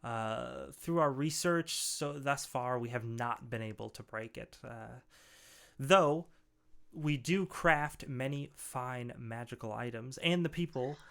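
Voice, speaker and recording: A man voicing a courteous male ogre mage with a heavy bass voice, speaking formally and slowly in a tabletop game. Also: gravelly, a bit bright, smooth. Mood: earnest. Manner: measured, formal speech with pauses. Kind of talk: tabletop game role-play.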